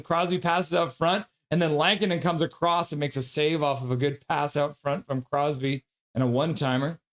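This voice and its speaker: A man streaming live play-by-play of a hockey game, calling the action quickly and reading viewer comments between plays. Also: medium pitch. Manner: rapid play-by-play, bursts into loud excited voices when reading chat.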